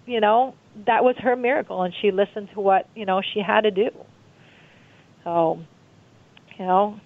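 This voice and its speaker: A woman's voice: medium pitch, dry recording. Chatty woman author on a phone line, tinny sound, lots of "you know" and retelling stuff. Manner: animated storyteller, repeats herself, many fillers. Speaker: guest author. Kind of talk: phone-in interview.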